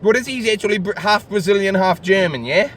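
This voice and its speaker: A high-pitched man, tipsy and animated, rambles through crude jokes while sitting in a car. Loud city traffic rumbles outside and fills the recording. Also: quick pace. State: tipsy from drinking. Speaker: vlogger host. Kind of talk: rambling casual banter. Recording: loud street traffic noise.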